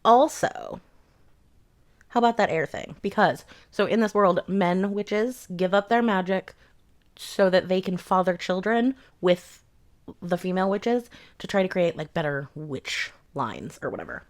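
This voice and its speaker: A woman's voice: on the low side, a little slow. A young adult woman giving a rambling, sarcastic book review in a casual rant, swearing freely.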